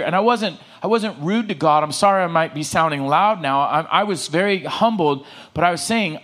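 Preacher man telling stories, slightly high. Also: moderate pace. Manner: animated storytelling, acting out dialogue. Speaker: pastor. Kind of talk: sermon. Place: church.

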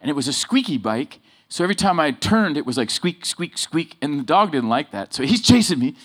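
Male preacher, somewhat high voice, animated storytelling sermon with punchy emphasis. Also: fast talker, breathy edge. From Southern California. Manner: animated, swings from loud emphasis to low asides. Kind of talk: sermon with personal stories.

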